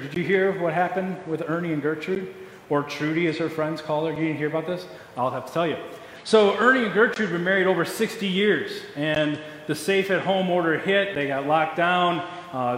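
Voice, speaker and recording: Casual pastor in an echoey hall. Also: male voice, high-pitched, fairly bright tone. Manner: casual, joking. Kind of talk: sermon. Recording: echoey hall, faint noise.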